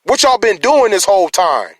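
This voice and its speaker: A man's voice: sits high, sing-song, normal speed, no room sound. A man speaking as a concerned citizen in an emotional personal monologue, rambling and restarting his words as he challenges his listeners.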